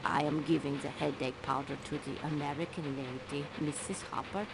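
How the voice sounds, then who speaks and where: An actress playing a quiet, earnest female passenger who speaks carefully and formally. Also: low voice, steady tone, gravelly, heavy background noise. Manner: slow, careful, formal phrasing. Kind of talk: game voice acting. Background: game music.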